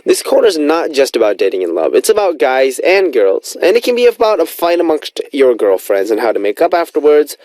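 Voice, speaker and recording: A man's voice: very animated, a little fast, few pauses, a little mellow, no room sound, rough recording. A man in his twenties hosting a radio music show, upbeat and enthusiastic in a studio. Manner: bouncy, enthusiastic, big pitch swings. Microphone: studio microphone.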